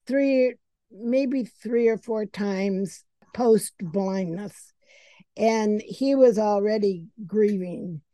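Mellow-voiced woman podcast co-host. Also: a little high, no room sound. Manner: frank, conversational, laughs. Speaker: podcast co-host, pet groomer. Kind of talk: casual chat.

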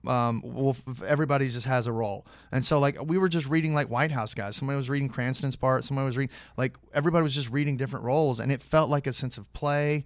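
The recording is clean studio audio with no echo, capturing a medium-pitched male voice. He's an actor on as a guest, casually rambling through a long anecdote, restarting frequently and acting out the quotes.

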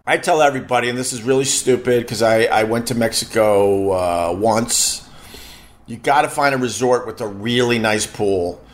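A middle-aged male radio host with a Long Island accent tells stories in a loose, rambling on-air style. His voice sits at an everyday middle pitch. He wanders off into side remarks and jokes at his own expense. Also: moderate pace. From Long Island, New York. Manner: rambling, self-deprecating, chatty asides. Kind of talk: casual on-air storytelling.

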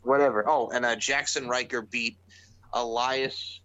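A young man co-hosts a casual podcast, talking in a loose, rambling way and often sounding exasperated. His voice is bright and forceful, and he keeps restarting his sentences. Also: medium pitch, steady tone, measured pace, clean tone, no echo, dull audio. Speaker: podcast co-host. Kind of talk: casual wrestling podcast chat.

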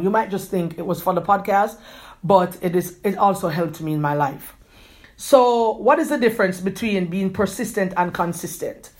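A woman hosting a podcast, giving an earnest, rambling motivational talk, repeating herself often and talking quickly. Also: medium pitch. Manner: quick talker who gestures a lot. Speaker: podcast host.

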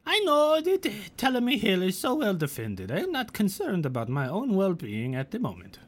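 A woman's voice: medium pitch, huge pitch swings, moderate pace, pitched above the performer's own voice. A game master voicing a fussy female goblin who hoards keys and speaks in grand, archaic phrases with hesitant fillers. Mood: haughty.

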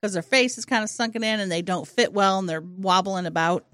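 A woman's voice: medium pitch, dry recording, clean studio sound. A woman co-hosting a comedy podcast, chatting loosely and giggling often. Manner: lively, giggly, slow drawl. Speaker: podcast co-host. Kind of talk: casual comedic chat.

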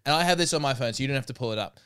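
A man's voice: mid-range voice, very fast, fairly bright tone, clear, resonant tone. A man hosting a casual interview, recapping the story with probing questions and laughing often. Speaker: podcast host.

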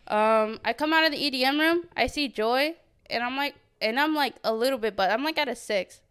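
A woman's voice: high voice, a little fast, fairly bright tone, clean tone. A young woman in her twenties on a podcast, telling a profane story in casual chat and acting out the quotes. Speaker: podcast co-host.

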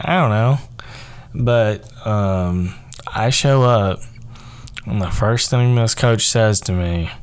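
A man's voice: fairly low pitch, animated, slow pace, clear, resonant tone. A young man hosting a podcast, telling a personal story in a loose, rambling way, full of "like" and "um". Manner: rambling, filler-heavy, frequent "like" and "um". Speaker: podcast host.

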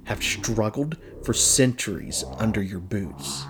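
A man voicing a forceful, centuries-old witch woman with a strong low voice, bitter and measured. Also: sing-song, noisy background.

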